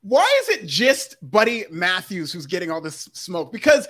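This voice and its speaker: A man co-hosting a podcast in casual chat, animated and jokey, laughing often. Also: high-pitched, normal speed. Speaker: podcast co-host.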